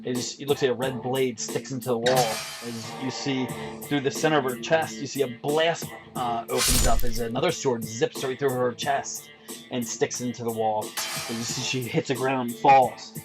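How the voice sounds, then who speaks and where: A man's voice: medium pitch, steady tone, normal speed. A man running a tabletop game as game master, narrating in a rambling way with many fillers. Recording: background music.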